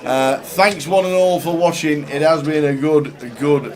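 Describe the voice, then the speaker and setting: A man's voice: a little high, normal speed, darkish tone. A man commentating a poker live stream, upbeat and chatty, wrapping up the day's results. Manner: upbeat, chatty, wraps up with thanks. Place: poker room at a live event. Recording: noisy crowd behind.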